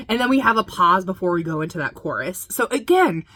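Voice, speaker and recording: A woman's voice: lowish voice, very animated, brisk, bright, forceful tone. A woman hosting a music video reaction, talking casually and gushing with enthusiasm, full of fillers.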